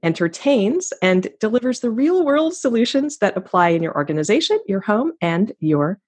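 A woman's voice: mid-range voice, very animated, normal speed, a little mellow, husky. A woman hosting a podcast interview, speaking with effusive enthusiasm. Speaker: podcast host. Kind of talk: interview conversation.

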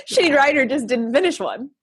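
A woman's voice: high-pitched, fairly bright tone, no room sound. A woman author as a podcast guest, explaining her ideas step by step and acting out her own inner dialogue. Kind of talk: conversational interview.

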